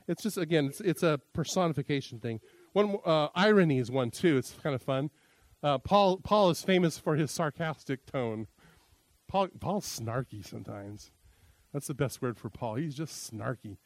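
Speaking in a slightly high, animated voice at an unhurried pace, a middle-aged pastor teaches about interpreting scripture. The sermon is conversational and full of jokes, with quoted lines acted out, and there's no room sound.

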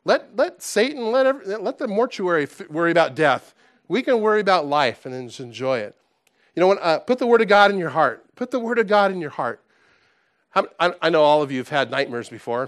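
This slightly high-voiced man, an adult pastor past his college years, addresses his congregation with animated, conversational preaching. He often restarts his sentences, moving between soft asides and loud exclaims.

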